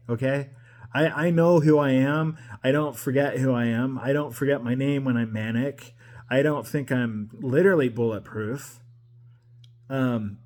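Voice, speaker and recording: A man's voice: mid-range voice, a little mellow. A man in his forties from the Pacific Northwest, talking to camera in a personal monologue, emotional and rambling, with restarts and repeated phrases. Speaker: vlogger.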